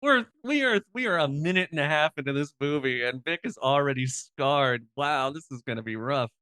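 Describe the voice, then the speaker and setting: A man's voice: on the high side, animated, normal speed, sharp tone, smooth, no room sound. A man co-hosting a podcast, chatting casually with playful reactions and jokes. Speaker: podcast co-host. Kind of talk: casual chat.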